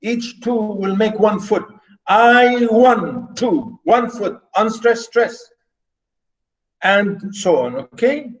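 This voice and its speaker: A man's voice: high-pitched, expressive, takes it slowly, low-quality recording. A man lecturing an online class on poetic meter, repeating words and counting their syllables and stresses. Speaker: literature lecturer.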